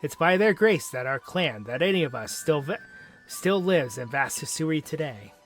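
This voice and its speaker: Man doing a swaggering game warden, self-important and lively in pitch, a bit high. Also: normal speed, faint music behind. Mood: grave. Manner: pompous, grandiose declarations. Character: boastful male clan warden, proud and dramatic.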